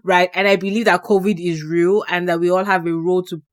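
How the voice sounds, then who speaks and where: A woman's voice: on the low side, fairly even intonation, brisk, no room sound, studio quality. A young woman co-hosting a podcast, chatting casually and explaining things at length with plenty of fillers. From Canada, living in Ontario. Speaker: podcast co-host.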